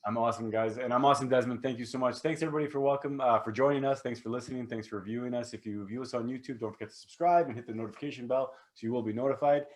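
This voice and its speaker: A man's voice: mid-range voice, fairly even intonation, very fast, few pauses. A man co-hosting a podcast, casual upbeat chat that rambles and corrects itself midway. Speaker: podcast co-host.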